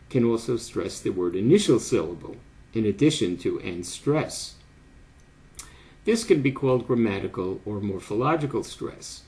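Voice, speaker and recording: An older man giving a measured, formal academic lecture as the lecturer. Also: on the low side, gravelly, darkish tone. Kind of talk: academic lecture read from script.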